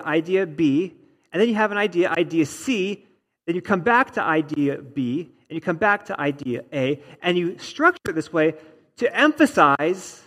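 A man's voice: high voice, fairly bright tone, big-room sound. A man preaching a sermon in an emphatic, teacherly way, repeating words for stress. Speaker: pastor.

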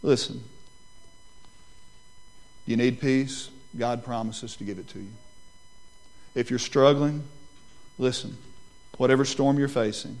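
A man preaching a sermon as pastor, moving between hushed, slow lines and loud, rising pleas. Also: mid-range voice, steady tone. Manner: slows down to stress key lines.

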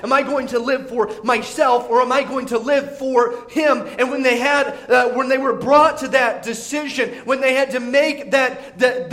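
A man's voice: very high voice, a bit bright. A man preaching a sermon, emphatic, often repeating words and acting out voices from the crowd.

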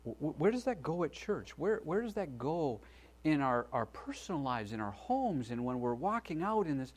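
A man's voice: fairly high pitch, normal speed, slightly rough. Folksy man preaching a sermon. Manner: folksy, lively, asks the crowd "right?". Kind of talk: sermon storytelling.

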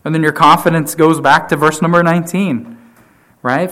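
A man preaching a sermon to his church, emphatic, often repeating key phrases and swinging from loud to quiet. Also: a little high, steady tone, moderate pace. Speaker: pastor.

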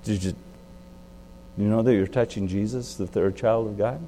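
Male pastor with a warm, mellow tone, chatty sermon, asks the congregation questions, sudden emphatic jumps. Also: fairly even intonation, moderate pace, slight background noise. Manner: conversational preaching with rhetorical questions; sudden swings in pitch and loudness for emphasis.

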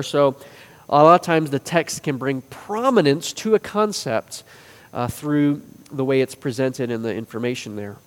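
A man teaching a discipleship class, explaining a text and stressing key phrases with slow, emphatic repetition. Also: fairly high pitch. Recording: reverberant hall.

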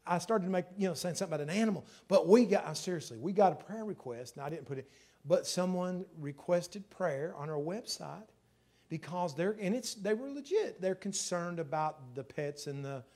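High voiced preacher guy, gets fired up then goes quiet, church sermon. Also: lively intonation, moderate pace. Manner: impassioned, swings from soft to loud. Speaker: pastor.

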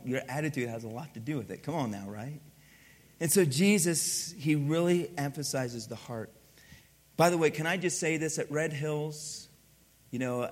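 A middle-aged man preaching a sermon as pastor, telling stories with lively acted-out dialogue. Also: mid-range voice. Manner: animated storytelling, acts out dialogue.

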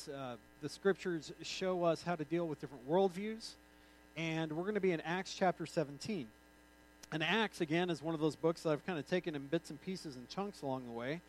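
Male pastor, informal sermon, slightly high voice, easygoing jokes. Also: slight background noise, poor audio. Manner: informal, joking asides. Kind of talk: conversational sermon.

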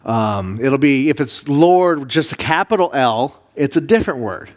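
A man, a pastor, teaching a Bible class, explaining Hebrew words slowly with many fillers and restarts. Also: mid-range voice, lively intonation. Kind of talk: classroom lesson reading Hebrew.

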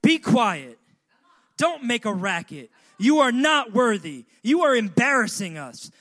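Man doing the voice of discouragement, a curt scolding crowd in a sermon story, higher than usual, bright and pushy. The commands come short and dismissive, fairly slow. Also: very animated, heavily acted.

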